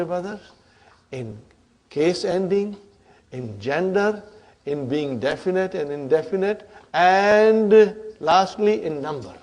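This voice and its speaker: A man's voice: high-pitched, a little mellow. A man teaching an Arabic grammar class, often checking in with "huh?" and "brothers and sisters".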